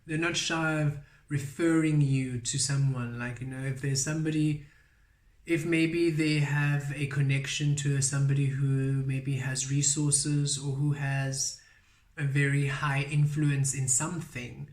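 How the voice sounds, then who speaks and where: A man giving a spiritual tarot reading, speaking softly and repeating affirmations in a roomy, echoey recording. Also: medium pitch, flat delivery, unhurried. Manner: soft-spoken, repeats affirmations. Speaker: tarot reader. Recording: roomy echo.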